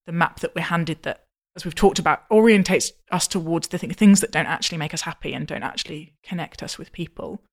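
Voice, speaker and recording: A woman hosting a podcast, chatty and animated, given to long self-interrupting interjections. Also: sits low. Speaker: podcast host. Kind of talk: podcast conversation.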